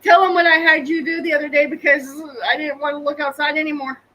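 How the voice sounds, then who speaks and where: A woman's voice: high-pitched, little pitch movement, fast talker, sharp tone, slight background noise, low-quality recording. A woman from Oklahoma co-hosting a casual live podcast, teasing and laughing often. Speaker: podcast co-host.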